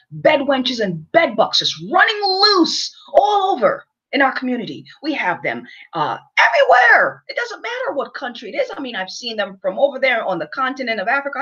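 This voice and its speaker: A woman's voice: fairly high pitch, sing-song, a little fast, fairly bright tone, slightly rough, lo-fi sound. A woman ranting to camera in an emphatic, theatrical way, repeating phrases and firing off rhetorical questions. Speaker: vlogger.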